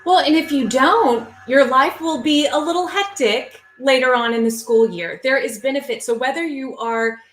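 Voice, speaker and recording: A woman's voice: sits high, normal speed, hardly any pauses, faint music behind. Affirming woman host in echoey room. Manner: affirming, echoes the guest's points. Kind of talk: casual interview talk. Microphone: video call.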